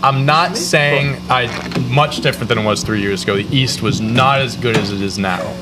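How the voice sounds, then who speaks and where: A man's voice: medium pitch, moderate pace, loud music behind the voice. Opinionated man arguing sports. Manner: animated, opinionated. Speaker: podcast co-host. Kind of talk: casual sports chat.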